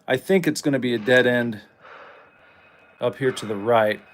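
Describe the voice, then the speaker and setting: A man streaming a survival horror game, chatting casually with rambling jokes and sudden excited outbursts. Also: medium pitch, moderate pace, a little hiss or hum, poor audio. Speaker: gameplay streamer. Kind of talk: casual gameplay commentary.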